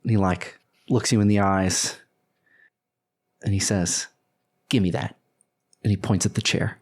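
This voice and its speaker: A man running a tabletop role-playing game, narrating in a calm and amused way. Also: sits low, moderate pace. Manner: calm, amused, laid-back.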